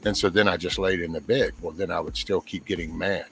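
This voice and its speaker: A man's voice: low voice, fairly even intonation, a little fast, vocal fry, a bit bright, faint music behind, low-quality recording. A middle-aged man as a guest on a casual livestream panel, telling a long story in an earnest, rambling way with many restarts. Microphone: camera mic.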